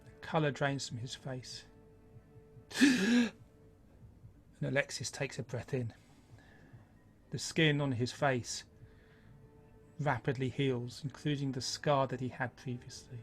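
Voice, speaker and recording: A man narrating a tabletop game as game master, in a slow, hushed storytelling manner. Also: mid-range voice, steady tone, soft background music.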